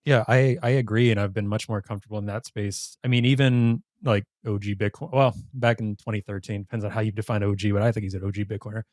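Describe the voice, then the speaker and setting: A man with a slightly low voice hosts a podcast interview, chatty and excitable, laughing often as he talks. He is close to the mic in a dry space. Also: no room sound. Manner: enthusiastic, giggly, quick to laugh. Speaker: podcast host. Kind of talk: casual interview chat.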